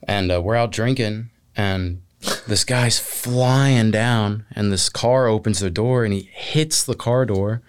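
Laid-back male podcast co-host, lowish smooth voice, rambling anecdotes. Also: slow. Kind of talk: casual storytelling chat.

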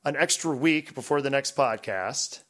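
A man hosting a podcast in a relaxed, rambling, casual chat. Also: mid-range voice, moderate pace. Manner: relaxed, rambling, drifts off mic at times. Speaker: podcast host.

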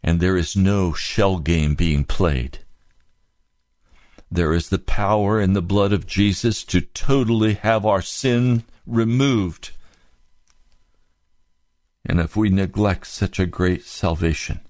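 Low-voiced impassioned male preacher. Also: slow, pauses often, a little mellow, no echo, clean studio sound. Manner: impassioned, rhetorical questions, rises to high emphatic peaks. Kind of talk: sermon.

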